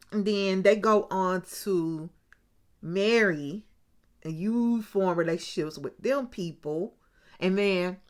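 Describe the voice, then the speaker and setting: A woman's voice: on the low side, fairly bright tone. A woman hosting a casual recap of a reality TV show, acting out what people said and often turning to her viewers with asides. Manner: chatty storyteller with frequent asides to viewers.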